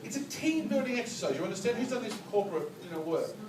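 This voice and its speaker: Animated high-voiced man doing stand-up. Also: fast talker, noisy background. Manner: animated storytelling, yelling punchlines. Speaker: stand-up comedian. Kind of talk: stand-up comedy set. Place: live comedy venue with audience. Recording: roomy live club recording from far off.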